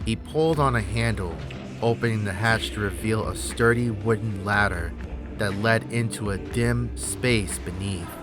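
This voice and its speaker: A man narrating a horror story in a measured, tense storytelling manner. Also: on the low side, over music.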